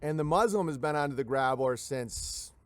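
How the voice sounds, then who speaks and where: Male livestream host, fairly high voice, dry close mic, sardonic rambling rants, jumps into mock voices. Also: lively intonation, normal speed, no room sound. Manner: sardonic, acts out quoted voices mid-sentence. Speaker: livestream show host reading viewer messages. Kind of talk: rambling comedic rant.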